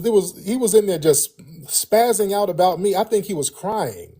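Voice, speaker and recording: Husky, slangy man hosting a livestream. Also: high-pitched, sing-song, moderate pace, dark tone. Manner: slangy, laid-back storytelling. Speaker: livestream host. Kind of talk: casual live chat.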